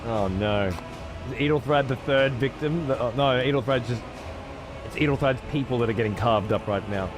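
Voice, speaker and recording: A man's voice: mid-range voice, moderate pace, music in the background. An Australian man streaming a game, swearing freely and ranting in exasperation while he chats to viewers. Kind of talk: casual gaming stream commentary.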